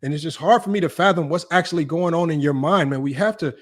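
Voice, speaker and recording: A young man hosting a casual basketball livestream, reading chat and super chats in an animated, mocking way that jumps high when he's incredulous. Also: quick pace. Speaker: sports talk livestream host.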